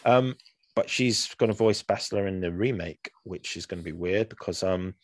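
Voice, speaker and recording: In a casual podcast chat, a young male co-host rambles, often using fillers and restarting sentences. He speaks with a low voice at a moderate pace, and there's no room sound.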